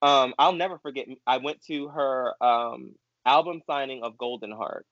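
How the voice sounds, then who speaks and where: A young man in casual chat, an expressive, gushing storyteller co-hosting a podcast. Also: medium pitch, normal speed, dry recording. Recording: dull dry lo-fi sound.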